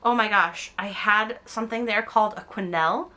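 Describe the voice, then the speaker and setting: A woman raised in America talks through her knitting podcast from home, picked up by a camera mic, rambling casually with ums and self-corrections as she knits. Her mid-range voice is sharp and keeps a moderate pace.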